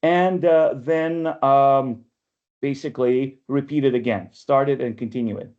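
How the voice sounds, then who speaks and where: A man with a mid-range voice speaks a little slowly and keeps his intonation fairly even. He's an instructor leading an online poetry workshop, explaining things step by step and checking in with "right?" again and again. The lo-fi audio comes through a video call microphone.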